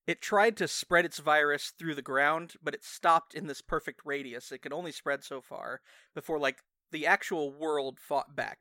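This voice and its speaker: A man narrating a tabletop game as game master, animated and quick to laugh, thinking aloud. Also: fairly high pitch, no echo, clean studio sound.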